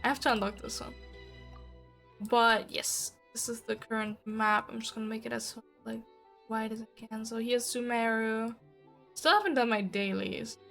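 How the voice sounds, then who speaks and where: A woman chatting on a gaming livestream, excitable and casual, swearing freely and laughing often. Her voice sits high, with faint music running underneath. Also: moderate pace, creaky. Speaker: streamer.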